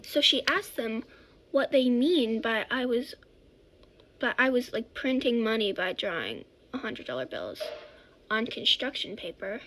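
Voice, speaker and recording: A woman's voice: a little high, unhurried, a little hiss or hum. A woman telling a childhood story in a casual, rambling way, often correcting herself. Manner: rambling, self-correcting, animated.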